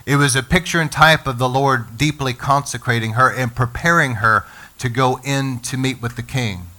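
A man preaching a sermon to his congregation, energetic and calling on the listeners to respond. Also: medium pitch, normal speed. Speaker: pastor.

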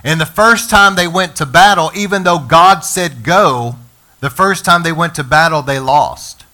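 A male pastor preaches an energetic sermon straight to the congregation, calling on them to answer back. His voice is bright, forceful, and pitched a little high, and he talks at a normal speed.

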